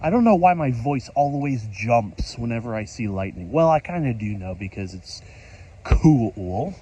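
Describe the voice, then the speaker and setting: A tired man in casual, rambling vlog commentary, excitable and talking to himself while standing outside in a rainstorm. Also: mid-range voice, a little slow, breathy edge, low-quality recording. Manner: chatty, excitable, talks to himself, mild self-censored cursing. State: tired from staying up all night. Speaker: vlogger. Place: outdoors on a top step in a rainstorm. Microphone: handheld camera. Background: rain falling.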